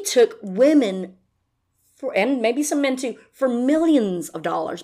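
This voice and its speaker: A woman's voice: fairly high pitch, expressive, slow, dark tone. A woman podcast host giving a casual recap, sarcastic and profane.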